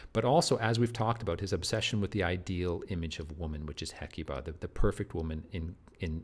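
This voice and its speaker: A man giving a recorded literature lecture, who often repeats and restarts words and keeps checking in with his listeners. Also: low-pitched.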